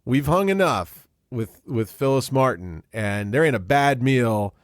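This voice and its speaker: A man's voice: medium pitch, animated, a little slow, dry recording, clean studio sound. A man co-hosting a podcast in casual chat, jokey and rambling, often laughing. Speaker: podcast co-host.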